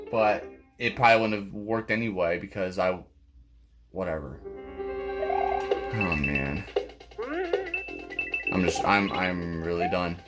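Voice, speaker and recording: A man commentating his own gameplay, swearing often and stammering through restarts. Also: on the low side. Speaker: gaming channel host. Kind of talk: let's play commentary.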